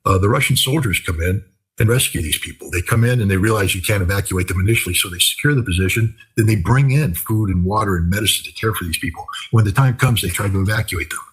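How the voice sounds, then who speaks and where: A man's voice: on the low side, fast talker, fairly bright tone, slightly rough, low-quality recording. An older man talking in a casual interview, telling stories in an emphatic, repetitive way. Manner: emphatic, repetitive, vivid storytelling. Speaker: commentator.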